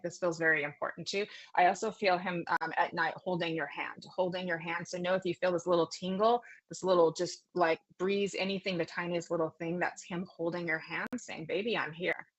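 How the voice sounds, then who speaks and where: A woman giving a psychic reading, talking in a gentle, consoling way, rambling and apologising with many fillers and restarts. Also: fairly low pitch. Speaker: psychic medium. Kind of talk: live online psychic reading.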